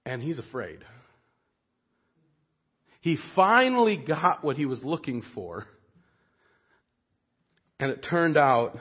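A man giving a sermon in an earnest, expressive way, dropping soft and low on grave points. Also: husky. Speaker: preacher. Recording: dull lo-fi recording.

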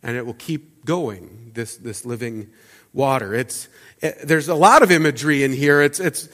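A man preaching a sermon as pastor, talking in a loose conversational way with fillers and restarts, dropping to soft asides and rising to loud emphatic peaks. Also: medium pitch, normal speed, long reverb tail. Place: church sanctuary.

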